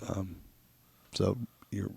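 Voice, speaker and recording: Gravelly, crackly-voiced man podcast host. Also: low-pitched, completely flat delivery, very slow, warm tone, dry recording. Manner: joking, teasing. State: strained, crackly voice. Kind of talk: casual chat.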